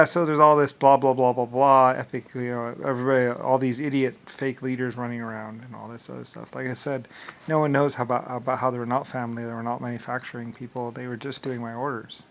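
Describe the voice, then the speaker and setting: A man's voice: medium pitch, fairly even intonation, brisk, gravelly, a little hiss or hum. A man vlogging in a rambling casual monologue, full of filler words and repeated words, with dismissive shrugging asides.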